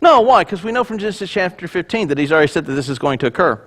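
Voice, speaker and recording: Pastor guy preaching, pretty high voice, chatty with little jokes. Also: animated, rapid-fire, a bit bright. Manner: conversational, joking asides. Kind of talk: sermon.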